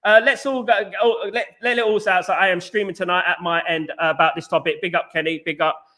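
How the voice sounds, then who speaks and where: A man's voice: sits high, fairly even intonation, fairly quick, pushed and bright. A man hosting a football live stream, ranting heatedly, repeating himself and greeting viewers in the chat. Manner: heated, repetitive, talks back to chat. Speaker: football podcast host. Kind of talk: casual live-stream rant.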